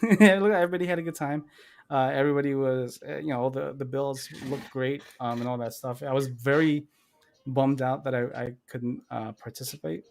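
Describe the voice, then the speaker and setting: A man's voice: medium pitch, steady tone, fairly quick, gravelly. A man co-hosting a model-building livestream, chatting casually with lots of fillers and restarts. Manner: rambling, many fillers and restarts.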